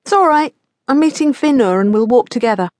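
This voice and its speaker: A woman's voice: a little high, lively intonation, brisk, a little mellow, no room sound, studio quality, voice pushed up, lightly acted. A woman narrator voicing a sly teenage daughter with a light, breezy voice in an audiobook.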